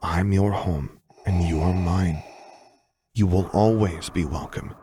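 A man voicing a gentle, earnest young man who speaks softly and patiently, in a fan fiction audiobook. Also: low-pitched, steady tone, slow pace, a little hiss or hum. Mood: reassuring. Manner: soft, earnest, gently urging.

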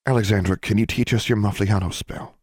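A man's voice: lowish voice, fairly even intonation, brisk, darkish tone, dry recording, studio quality, voice pushed up, close to an everyday voice. A man voicing a blunt, folksy country girl with an Ozark accent.

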